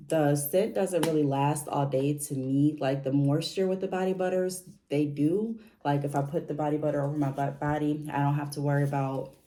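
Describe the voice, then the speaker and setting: A woman's voice: low voice, dark tone. A woman chatting casually in a home vlog, rambling a little with fillers and restarts as she talks through her picks. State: briefly out of breath after stairs. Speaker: vlogger.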